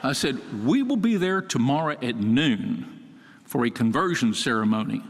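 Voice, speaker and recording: A man's voice: mid-range voice, expressive, moderate pace. A man in his seventies from Texas giving a humorous storytelling eulogy, conversational and wry, lifting his voice to act out quoted dialogue. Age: 70s. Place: large synagogue sanctuary. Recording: long reverb of a large hall.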